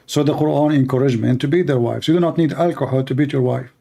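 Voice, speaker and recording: A man's voice: mid-range voice, fairly even intonation, fast, creaky, warm tone. A man hosting a polemical talk who speaks in sarcastic, mocking, non-standard English. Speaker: host.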